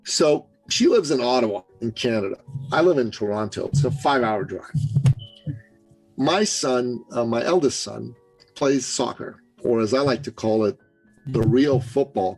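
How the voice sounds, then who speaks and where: A man's voice: medium pitch, a little mellow, poor audio. A man guest on an interview podcast, telling a personal story in an earnest, conversational way with small asides. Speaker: podcast guest, business coach.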